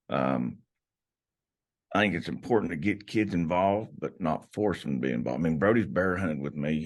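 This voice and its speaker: A middle-aged man, a podcast guest, telling hunting stories in a rambling, folksy way with many restarts. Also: low-pitched. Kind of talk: casual storytelling. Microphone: podcast microphone.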